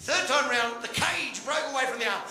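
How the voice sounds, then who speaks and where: An Australian man doing a bawdy stand-up routine. He tells crude jokes and shouts the punchlines. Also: very high voice, animated, brisk, over music. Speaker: stand-up comedian. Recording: roomy club recording with loud noise.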